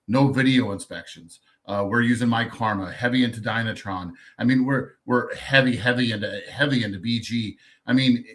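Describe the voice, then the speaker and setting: A man's voice: mid-range voice, fairly bright tone. A man talking on a panel as a dealership service director. His speech is loose and unpolished, and he often restarts his sentences. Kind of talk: panel discussion.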